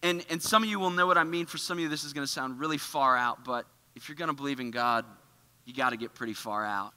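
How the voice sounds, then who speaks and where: Bright-voiced man telling a sermon story. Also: medium pitch, fast talker, clear, resonant tone, long reverb tail. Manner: casual, animated, full of "like" fillers. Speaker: church speaker. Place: church auditorium.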